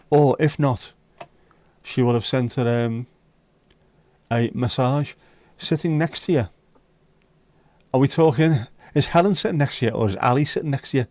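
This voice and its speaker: A man's voice: fairly high pitch, darkish tone, no room sound. Jokey man chatting with viewers. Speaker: livestream host. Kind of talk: casual chat with viewers.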